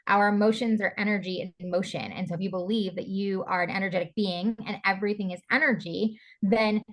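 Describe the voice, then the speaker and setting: A woman being interviewed on a podcast, talking openly and from the heart, with lots of "like" and "you know" along the way. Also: medium pitch. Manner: open and heartfelt, with frequent fillers like "like" and "you know". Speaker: podcast guest, stylist and breathwork coach. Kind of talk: candid conversational interview.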